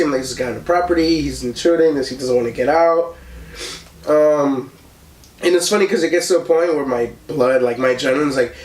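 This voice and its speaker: Recorded from a distance in an echoey room, this young man's voice is a little high. He hosts a casual podcast and spins a lively story full of likes and ums, performing the voices of its characters.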